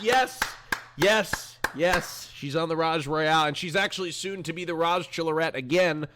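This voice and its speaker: A young man with a bright, sharp, somewhat high voice hosts a live-streamed podcast. He rambles in a loose, chatty way and keeps answering his viewers' chat. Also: measured pace, clean tone.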